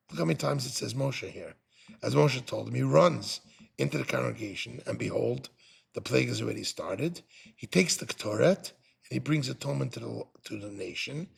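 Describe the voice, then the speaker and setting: A man's voice: medium pitch, vocal fry, breathy edge. A man, a rabbi teaching a Torah class, animatedly dramatizing the text.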